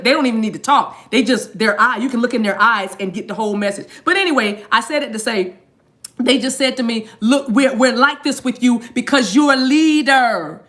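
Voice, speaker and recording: Brief: woman, higher-pitched, spiritual reader talking to her viewers, animated and repetitive. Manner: animated, repetitive, addresses audience as y'all. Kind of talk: live channeled reading to viewers.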